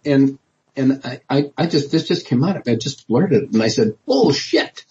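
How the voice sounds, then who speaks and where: A man's voice: medium pitch, normal speed, mellow, husky, dull audio. A man, a politician guest in an interview, telling his story in a rambling way with many restarts and fillers. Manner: rambling, many restarts and "you know", laughs often.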